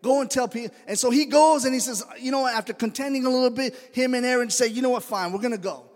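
A man with a high, light voice preaches in a church sanctuary, and his words ring out with a long hall reverb. He talks in a loose, conversational way and slips into the voices of the people in his stories. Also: fast talker. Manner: conversational storytelling, acts out quoted voices. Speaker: pastor. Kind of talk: sermon.

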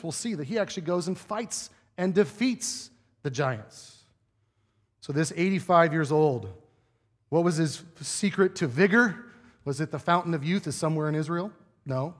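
A pastor giving a conversational sermon in a church, often asking his listeners rhetorical questions. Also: fairly high pitch. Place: church sanctuary. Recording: long reverb of a church hall.

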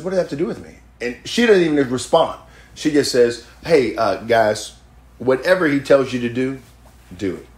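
A man preaching a lively, conversational sermon to his congregation, joking as he goes. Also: on the high side, reverberant. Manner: animated, conversational preaching with jokes. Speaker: pastor. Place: church sanctuary.

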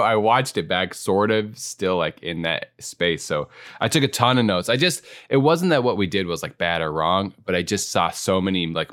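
A man's voice: deep voice, a bit bright, dry recording, clean studio sound. A man co-hosting a podcast, reflecting self-critically on a past improv show with many casual fillers. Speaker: co-host, improv performer.

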